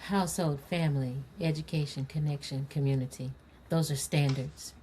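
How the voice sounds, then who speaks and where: A woman on a community podcast panel, speaking earnestly and deliberately and stressing her points again and again. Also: deep voice, fairly even intonation, mellow, husky. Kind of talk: casual panel conversation.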